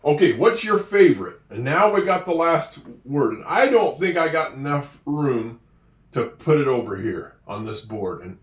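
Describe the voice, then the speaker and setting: A man teaching handwriting and spelling at a board, with slow, encouraging talk and drawn-out words. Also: a little high, lively intonation. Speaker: English teacher. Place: room with a whiteboard. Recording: echoey room, voice from a distance.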